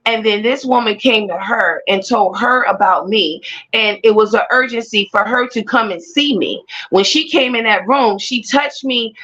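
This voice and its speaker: Animated woman telling her testimony. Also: a little high, normal speed, poor audio. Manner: animated storyteller who repeats phrases for emphasis. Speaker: guest sharing a personal testimony. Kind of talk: personal testimony storytelling.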